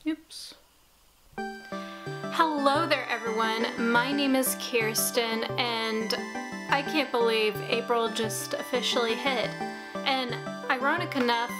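A young adult woman vlogging casually, rambling and often correcting herself as she talks. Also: a little high. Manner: rambling, self-correcting, chatty. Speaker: YouTube vlogger. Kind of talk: casual vlog bloopers.

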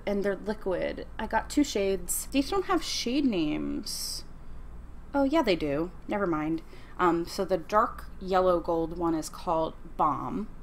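A woman's voice: lowish voice, creaky, slight background noise. A woman in her thirties chatting casually while doing her makeup, rambling with fillers, with a slight lisp. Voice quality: slight lisp from a sore tongue. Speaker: beauty vlogger. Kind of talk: casual get-ready-with-me chat.

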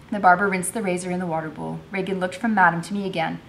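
A woman's voice: on the low side, fairly even intonation, fast, creaky, few pauses, fairly bright tone, slight background noise. A woman teacher reading a novel aloud, narrating expressively.

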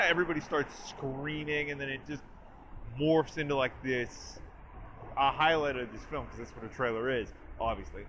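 A man's voice: fairly high pitch, steady tone, brisk, noisy background. A man casually reviewing a movie trailer, chatty and full of "like", retelling scenes with quoted lines. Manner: chatty, lots of "like" and restarts. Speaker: host of a review channel.

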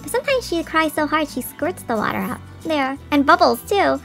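Woman host, toy unboxing, very high squeaky voice, gushing sing-song chatter with music behind. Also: big pitch swings, normal speed, vocal fry, fairly bright tone. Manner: gushing, gasping, sing-song baby talk to toys. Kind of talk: excited toy unboxing chat. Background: background music.

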